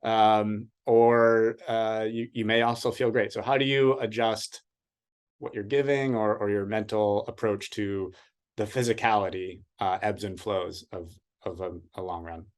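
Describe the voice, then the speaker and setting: A man, a running coach hosting an interview, asking long questions haltingly with frequent restarts. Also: lowish voice, steady tone.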